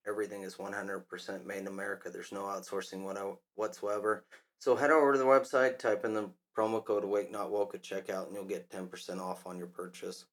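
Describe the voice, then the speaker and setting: A man's voice: sits low, little pitch movement, a little fast. A man hosting a commentary podcast, talking in a scornful, mocking way. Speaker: podcast host.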